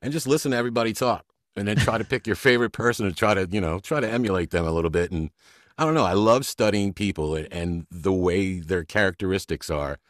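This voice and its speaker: Brief: very low male voice, animated storyteller, dry studio mic. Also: quick pace, no echo. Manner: animated storyteller, laughs often. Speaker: voice actor guest. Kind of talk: casual interview chat.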